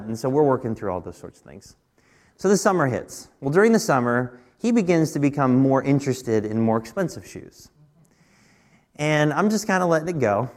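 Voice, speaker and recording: A man in his thirties preaching at a midweek church service, telling a personal story in a conversational way and often restarting his words. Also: darkish tone. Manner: rises in pitch and force when pressing a point. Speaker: pastor. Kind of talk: sermon.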